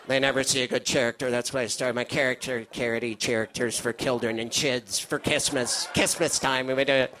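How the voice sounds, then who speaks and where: A man's voice: mid-range voice, fairly bright tone, a little hiss or hum. A man doing a live stand-up set, rambling and cutting himself off, nervous in tone. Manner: rambling, self-interrupting, nervous. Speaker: stand-up comedian. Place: comedy stage with an audience.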